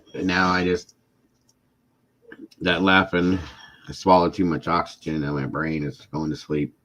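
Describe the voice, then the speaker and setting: A man's voice: deep voice, takes it slowly, long pauses. A middle-aged man hosting a casual live stream, chatting with viewers and often breaking into laughing fits. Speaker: livestream host chatting with viewers.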